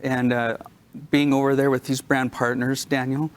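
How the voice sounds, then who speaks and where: Emotional, halting man speaking on stage. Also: medium pitch, little pitch movement, a little hiss or hum. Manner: emotional, halting, hesitant fillers. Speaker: creative director. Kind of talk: impromptu stage remarks. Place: convention stage.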